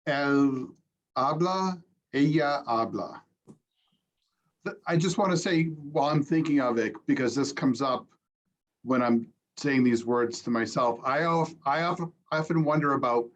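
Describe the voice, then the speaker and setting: A man's voice: medium pitch, lo-fi sound. A man taking a casual language lesson, speaking hesitantly and reciting carefully. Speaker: student.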